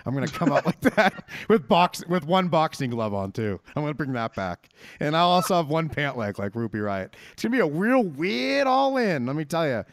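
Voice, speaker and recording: A man's voice: on the high side, very animated, a little fast, no room sound, studio quality. A man hosting a podcast in casual chat, riffing with a profane, mock-hyped manner. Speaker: podcast host.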